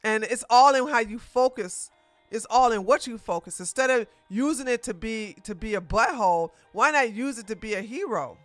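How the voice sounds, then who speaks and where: A woman streamer giving casual livestream commentary while reviewing a show, animated and laughing often, with frequent restarts. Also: fairly high pitch, moderate pace, no room sound, faint music behind.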